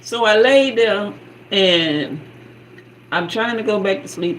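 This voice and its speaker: A woman host telling a personal story, sassy and animated, with sound effects and quoted lines acted out. Her pitch swings widely and sits in the middle range. A faint noise hums behind her. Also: a little slow, rough recording. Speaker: spiritual guide and channel host.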